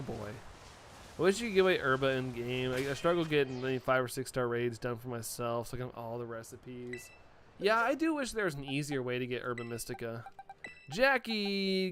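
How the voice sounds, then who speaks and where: A man's voice: mid-range voice, a bit bright. A young man live-streaming, chatting casually and laughing often as he reacts to viewer messages.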